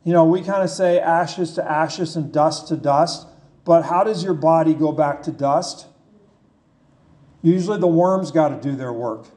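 Slow, high-voiced man preaching. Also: dark tone. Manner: slow, conversational preaching with rhetorical questions. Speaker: pastor. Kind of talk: sermon.

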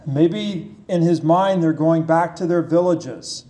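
A man delivers a sermon at an unhurried pace, his voice sitting high. He talks in a plain, conversational way and keeps putting questions to his listeners. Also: dark tone, a little hiss or hum. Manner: slow, conversational preaching with rhetorical questions. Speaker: pastor.

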